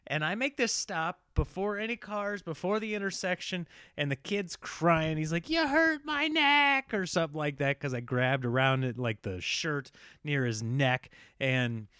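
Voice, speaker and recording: A man in his thirties telling a family story in a casual, animated way, with jumps up in pitch when he quotes his kids. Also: dry recording, studio quality. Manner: animated, voices his kids in high squeals.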